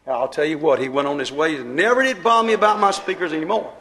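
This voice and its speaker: A man preaching a sermon, telling stories in a folksy, emphatic way and dropping his voice low for effect. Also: fast talker, pushed and bright, poor audio. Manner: emphatic, folksy preaching with dramatic drops in volume. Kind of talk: fervent storytelling sermon.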